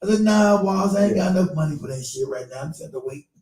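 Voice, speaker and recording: A man's voice: high voice, animated, fast, a little mellow, reverberant, far from the mic, rough recording. A man hosting a casual chat, retelling a story with lots of swearing, laughter and quoted voices. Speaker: show host.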